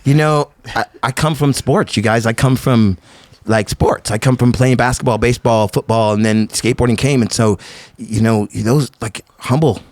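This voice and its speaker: A middle-aged man guesting on a podcast tells stories in casual chat, speaking at normal speed in a mid-range voice. He's an animated storyteller who acts out the people he quotes, shifting his voice for each one.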